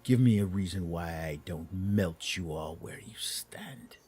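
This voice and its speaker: A man voicing a menacing male black dragon in a tabletop role-play, speaking in slow, half-whispered threats. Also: low voice, expressive, a little mellow, slightly rough, soft background music, heavily acted.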